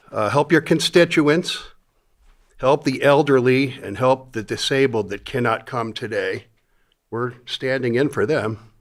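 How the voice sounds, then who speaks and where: A man speaking at public comment in a county meeting, plain-spoken and a little halting as he appeals to the board. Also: medium pitch. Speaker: public commenter, mobile home resident.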